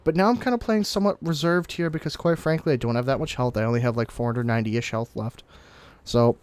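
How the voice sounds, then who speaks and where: Narrating his own gameplay, a young man explains things in a relaxed way, punctuated by occasional excited outbursts. He speaks quickly in a mid-range voice with a clear, resonant tone.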